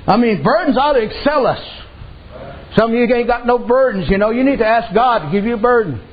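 A man's voice: extremely high pitch, animated, brisk, breathy edge, dull audio. A man preaching a sermon as pastor, telling folksy stories and acting out the people in them. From Native American reservation community. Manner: folksy storytelling preacher, acts out voices.

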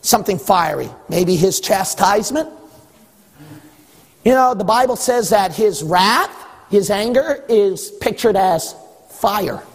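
A man preaching a sermon as pastor, exhorting with wry rhetorical questions and a husky voice. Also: high-pitched, lively intonation, takes it slowly. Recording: long hall reverb.

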